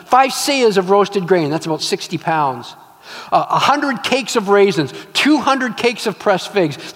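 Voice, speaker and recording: A male pastor preaching a sermon, telling stories and acting out scenes with emphatic repetition. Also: sits high. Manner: animated storytelling, acts out scenes, emphatic repetition. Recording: long reverb of a large hall.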